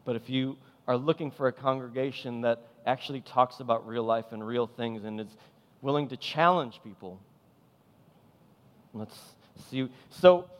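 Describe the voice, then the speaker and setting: A man preaching a sermon as pastor, impassioned and emphatic, driving points home with repeated phrases. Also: medium pitch. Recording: long hall reverb.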